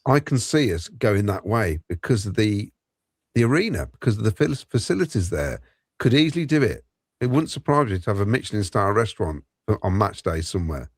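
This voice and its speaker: A man on a football fan podcast panel, talking in a measured way and leaning on "you know". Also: on the low side, big pitch swings, breathy edge, no echo, clean studio sound. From England. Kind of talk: casual fan podcast chat.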